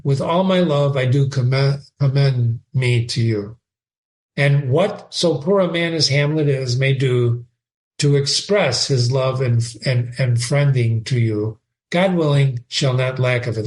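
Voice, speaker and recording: A man reading the part of a brooding, bitter young prince in a play, with slow, lilting verse delivery. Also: medium pitch, pitched below the performer's own voice, lightly acted.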